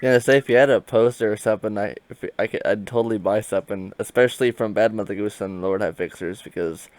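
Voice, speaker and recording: Man, interview host, casual and laid-back, trailing sentences, mid-pitched voice, dry close sound. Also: quick pace, no echo. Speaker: podcast interviewer.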